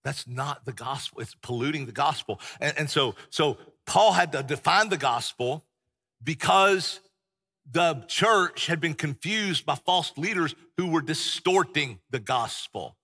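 Middle-aged man, folksy emphatic preaching, husky bright voice, long hall echo. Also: a little high, lively intonation, measured pace. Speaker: pastor. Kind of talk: sermon. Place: church sanctuary. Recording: long church-hall reverb.

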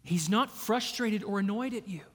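A man preaching a sermon as a pastor, earnest, moving between hushed passages and emphatic lines. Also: high voice, moderate pace. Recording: long hall reverb.

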